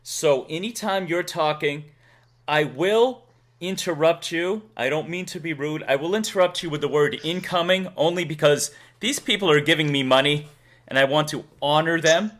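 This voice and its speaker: Chatty Massachusetts-accented streamer. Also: male voice, a little high, normal speed, fairly bright tone. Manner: chatty, laughs easily, reads out donations. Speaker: livestream host. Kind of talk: casual livestream chat.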